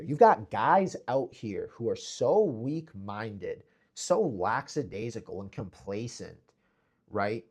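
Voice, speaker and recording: A man's voice: mid-range voice, a little mellow. Intense young man preaching self-improvement. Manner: intense, preachy, repeats phrases for emphasis; mocks imagined people in sarcastic voices. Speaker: fitness vlogger. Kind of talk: motivational monologue to camera.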